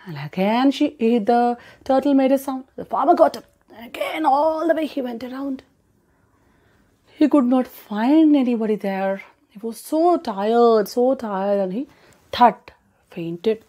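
A woman's voice: high-pitched, moderate pace, mellow. A woman narrating a children's story expressively, adding spoken sound effects.

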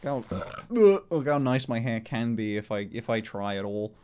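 A British man chats casually on a live stream at medium pitch and normal speed, against a noisy background. He talks animatedly, swearing plenty and often laughing.

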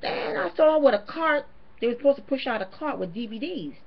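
A woman's voice: sits high, expressive, fairly quick. A woman vlogger, ranting to camera in an indignant, emphatic way and hammering her points home. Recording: dull lo-fi home video audio.

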